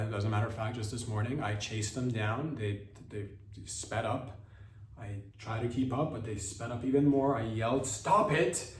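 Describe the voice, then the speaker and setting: A man hosting a podcast, riffing through an absurd comedic monologue in a deadpan, rambling way with many restarts. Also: mid-range voice. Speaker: podcast host. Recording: echoey room, distant from mic.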